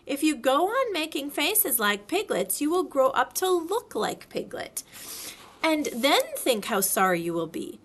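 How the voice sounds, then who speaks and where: A woman doing a brisk, motherly kangaroo. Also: high-pitched, sing-song, a bit bright, pitched above the performer's own voice, full character voice. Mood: firm, soothing. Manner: cheerful, soothing, firm. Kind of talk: storybook read-aloud.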